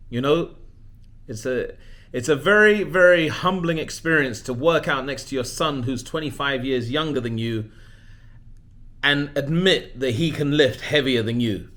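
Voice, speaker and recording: A man in his forties chats at a middle pitch about himself, rambling and cheerfully poking fun at himself. He keeps restarting his sentences as he goes, in an easy personal vlog tone. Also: normal speed, a bit bright. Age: 40s. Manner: chatty, self-deprecating, rambling with restarts. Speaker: leadership coach.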